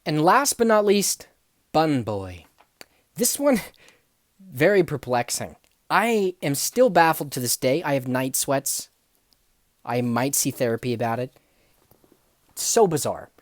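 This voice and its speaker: A young woman telling funny workplace stories, acting out the people in them and swinging from hushed asides to loud outbursts. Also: low-pitched, takes it slowly, pauses often, dry recording. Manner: animated, acts out dialogue, swings from hushed to yelling. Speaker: storyteller. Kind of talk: comedic storytelling vlog.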